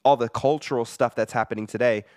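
A man from the United States, a recording artist as podcast guest, telling rambling, animated stories in casual chat. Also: mid-range voice, quick pace, dry recording, studio quality. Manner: rambling, animated storytelling with laughs.

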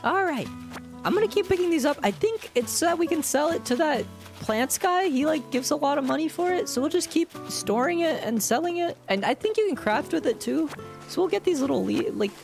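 A woman's voice: lively intonation, brisk, darkish tone, faint music behind. A woman putting on a cutesy baby voice while chatting through a video game stream, teasing herself about how silly it sounds. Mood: babyish, playful. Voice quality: high babyish voice with a gravelly edge. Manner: self-mocking, giggly. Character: cutesy baby-talking little girl. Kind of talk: livestream gameplay chatter.

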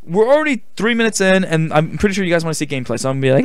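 A man's voice: high voice, big pitch swings, very fast, clear, resonant tone, dry recording. A man casually commentating a video game, rambling and self-mocking with frequent swearing. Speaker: let's play commentator. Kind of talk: casual gameplay commentary, reading game dialogue aloud.

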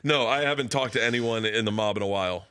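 A man's voice: fast talker, noisy background. A comedian from Florida in his forties, telling a story in an interview and acting out the people in it. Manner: acts out characters with wild pitch jumps and laughter. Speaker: comedian guest. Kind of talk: animated storytelling.

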